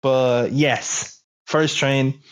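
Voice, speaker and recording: A man's voice: medium pitch, flat delivery, very slow, smooth. Man hosting a swearing movie chat. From Ireland. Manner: swearing, laughing, retelling scenes. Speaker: podcast host. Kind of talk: casual film podcast chat.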